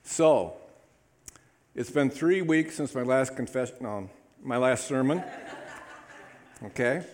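A man's voice: mid-range voice, slow pace. A male pastor preaching a sermon in his church, upbeat and chatty, often calling for amens from the congregation. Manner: upbeat, calls for amens, lively congregation prompts. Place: church sanctuary.

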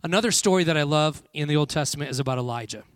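Pastor preaching, dry close mic. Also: male voice, on the high side, rapid-fire, smooth, no echo. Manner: call-and-response with the congregation, frequent "all right". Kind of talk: sermon.

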